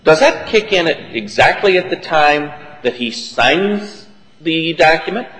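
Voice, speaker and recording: A man's voice: on the high side, animated, measured pace, a bit bright. Methodical male judge questioning counsel. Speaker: appellate judge. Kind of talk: questioning counsel in oral argument. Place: large courtroom. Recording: reverberant courtroom.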